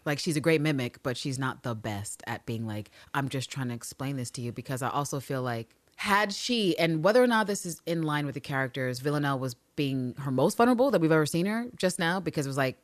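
A woman co-hosts a casual podcast, talking with animated energy and plenty of swearing. Her voice sits a little low, and the recording is close and dry with no room sound. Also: fairly quick, hardly any pauses, dry recording. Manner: animated, profane, acts out characters' lines in voices. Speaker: podcast co-host recapping a TV finale. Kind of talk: casual chat.

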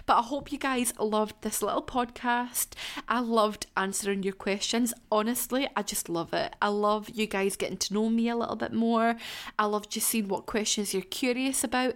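A young adult woman chats through listener questions on her own podcast. Her voice sits in the middle of the range. She is candid and heartfelt, and a casual swear word slips in now and then. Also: medium pitch. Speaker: podcast host. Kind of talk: casual solo Q&A podcast chat.

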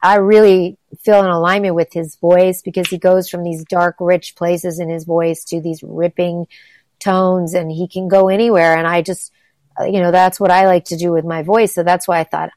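Gushing low-voiced woman guest. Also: little pitch movement, normal speed, a little mellow, no echo. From Los Angeles, USA. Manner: enthusiastic and rambling, lots of "like" and restarts. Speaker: guest, actress and singer. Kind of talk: casual interview chat.

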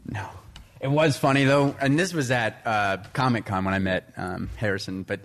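A man who does impressions, talking in a casual chat with an earnest, halting manner. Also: lowish voice. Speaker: impressionist guest.

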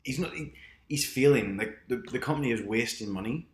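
A man's voice: medium pitch, brisk. A man in casual conversation, giving advice about work and telling his own office story. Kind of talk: casual chat. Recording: roomy echo.

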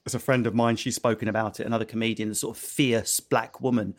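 A man's voice: on the low side, little pitch movement, fast talker. A man from Essex with an Essex accent, hosting a comedic podcast chat in a jokey, teasing way. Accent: Essex English. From Essex, England. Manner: jokey, mock-exasperated, playful teasing. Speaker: podcast host.

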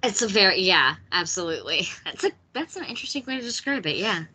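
A woman's voice: mid-range voice, big pitch swings, fast, sharp tone, slightly rough. A woman from the United States hosting a casual film podcast, asking questions and laughing often. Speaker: podcast host.

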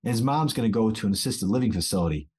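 A man's voice: fairly low pitch, very fast, husky. A man in his thirties, a teacher and children's author, telling a story in casual conversation and acting out the voices he quotes. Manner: animated, acts out quoted voices.

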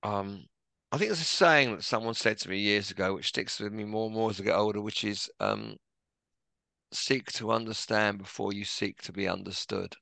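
A middle-aged man, a podcast guest, telling reflective stories in a gentle, self-deprecating way. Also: fairly low pitch, normal speed, creaky, no room sound. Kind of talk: relaxed conversational storytelling.

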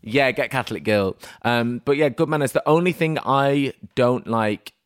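A young man in casual podcast chat who tells lively anecdotes and acts out the voices of the people in them. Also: medium pitch, normal speed, smooth. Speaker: guest.

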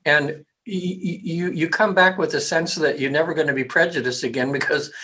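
A man, a hypnotherapist, speaking casually and rambling in an interview, with frequent throat clearing. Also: a little high, steady tone, fairly quick, sharp tone, rough recording.

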